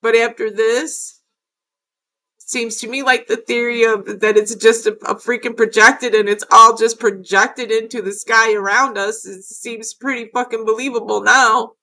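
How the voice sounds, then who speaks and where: Bright-voiced woman vlogger, rambling and emphatic. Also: on the high side, steady tone, a little slow. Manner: rambling and emphatic, with frequent cursing. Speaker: video creator. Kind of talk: casual vlog narration over footage.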